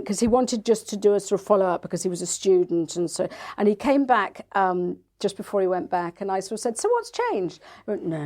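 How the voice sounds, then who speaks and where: A woman, a parenting coach, chatting in an interview and telling lively stories, acting out other people's voices. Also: fairly low pitch. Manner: animated storytelling, acts out quoted voices. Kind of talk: casual interview chat.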